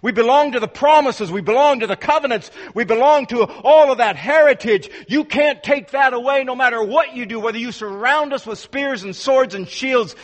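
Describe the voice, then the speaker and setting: A man's voice: very high-pitched, moderate pace, few pauses. A man preaching an expository sermon, emphatic and full of rhetorical questions. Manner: emphatic, rhetorical questions, acts out quoted voices. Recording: long hall reverb.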